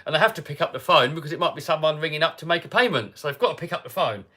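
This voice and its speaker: A British man hosts a livestream and tells a story in a loose, lively way, sinking into mutters before bursting out loudly. His pitch is fairly high, and he talks very fast with lots of animation.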